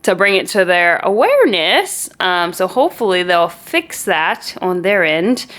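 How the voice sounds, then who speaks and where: A woman's voice: on the low side, big pitch swings, measured pace, a bit bright. A young woman co-hosting a vlog, chatting casually with frequent likes and ums, teasing her partner. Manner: chatty, teasing, says "like" and "um" often. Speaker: vlog co-host. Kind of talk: casual chat.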